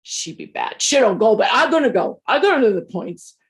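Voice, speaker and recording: A woman's voice: fairly high pitch, sing-song, fairly quick. A woman playing an eager, helpful schoolgirl. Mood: earnest.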